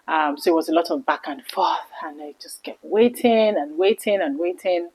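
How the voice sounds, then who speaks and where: A woman in her thirties telling a personal story to camera in an earnest, emotional vlog, her voice often dropping soft. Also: on the low side, animated, moderate pace, few pauses, husky, low-quality recording. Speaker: vlogger.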